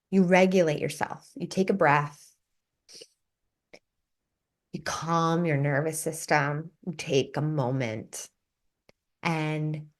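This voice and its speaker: A woman with a notably low voice talks through a coaching lesson on her podcast. Her delivery is earnest and conversational, peppered with "like" and "right?". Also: a little mellow. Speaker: life coach and podcast host. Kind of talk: casual teaching monologue.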